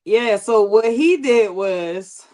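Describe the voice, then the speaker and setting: Slow-talking joking woman co-host. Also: mid-range voice, lively intonation, warm tone. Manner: joking, explains things slowly like a teacher. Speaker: podcast co-host. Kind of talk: casual chat.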